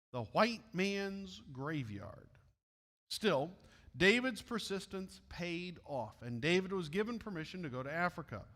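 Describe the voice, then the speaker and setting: Brief: Midwestern male church storyteller, chatty asides, slightly high voice, echoey hall. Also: bright, forceful tone. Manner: friendly asides to listeners. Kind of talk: reading a missionary story aloud.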